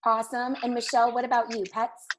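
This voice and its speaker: A woman's voice: fairly high pitch, little pitch movement, quick pace, a little hiss or hum, rough recording. A woman moderating a video call panel, upbeat and encouraging as she directs the talk. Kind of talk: casual video call chat.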